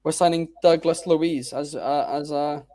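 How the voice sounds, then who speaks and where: A man's voice: fairly high pitch, fairly even intonation, a little slow, warm tone. A man co-hosting a wrestling podcast, chatty and fond of ribbing the others. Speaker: podcast co-host. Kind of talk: casual chat.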